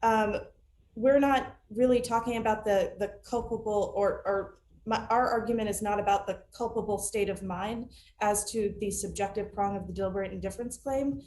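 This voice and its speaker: Halting woman lawyer, echoey room. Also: mid-range voice, darkish tone, a little hiss or hum. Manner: hesitant, many restarts and fillers. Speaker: appellate attorney. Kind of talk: remote oral argument.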